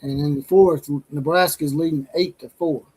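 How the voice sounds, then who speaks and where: A man's voice: a little high, fairly even intonation, moderate pace, mellow, slightly rough, rough recording. A man co-hosting a live sports watch party stream, laid-back as he reads viewer comments aloud. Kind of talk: casual live-stream chat.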